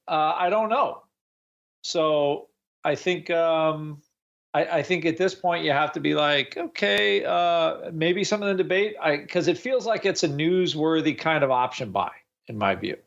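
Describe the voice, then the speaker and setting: A man's voice: fairly high pitch, animated, unhurried, creaky, fairly bright tone, dull audio. A man on a finance talk show giving his view of a trade in a hesitant way, with many fillers and restarts. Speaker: panelist. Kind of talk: casual market talk.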